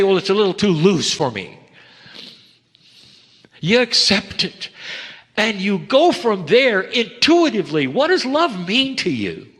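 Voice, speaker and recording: A man giving a channeled spiritual message to an audience, speaking gently and measured, with emphatic pauses and calling listeners dear ones. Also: high-pitched. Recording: long hall reverb.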